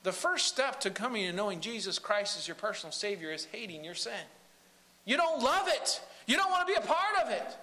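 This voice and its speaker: Pastor guy preaching, emphatic ups and downs, sharp bright voice, roomy church echo. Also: high-pitched, very animated, fairly quick. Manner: emphatic, rising and falling preaching delivery. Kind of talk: sermon.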